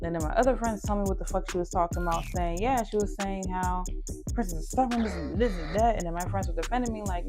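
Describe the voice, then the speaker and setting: A woman's voice: lowish voice, fast. A woman, telling a blunt, profane storytime rant about a falling-out with a friend. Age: 20s. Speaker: vlogger. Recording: music playing loudly behind.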